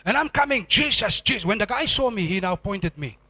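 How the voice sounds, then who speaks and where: A middle-aged man, preaching a sermon and telling a dramatic testimony, acting out scenes with sudden loud outbursts. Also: high voice, lively intonation, fairly quick, no echo.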